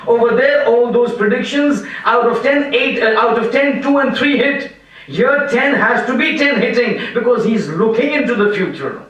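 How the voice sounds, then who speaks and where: A high-pitched man preaches and tells a story with animated energy, repeating phrases and acting out the dialogue. He is recorded from far off in a large hall, so his voice booms with echo. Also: normal speed. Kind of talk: sermon storytelling. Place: large hall in an Islamic center.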